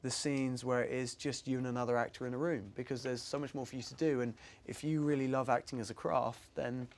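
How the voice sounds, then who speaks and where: A man's voice: medium pitch, fairly even intonation, fast talker. A young man from England, an actor guest in a casual interview, chatting in a rambling way and laughing easily.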